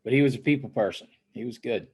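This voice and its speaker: A man co-hosting a casual chat, telling an animated story and often tagging his lines with "right?". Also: mid-range voice, fast, gravelly, slightly rough, muffled recording. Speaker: co-host.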